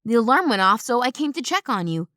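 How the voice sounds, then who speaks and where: A woman's voice: fairly high pitch, sing-song, quick pace, bright, forceful tone, no echo, studio quality. A woman voicing a huge, stern male vampire bodyguard in an audiobook, curt and suspicious.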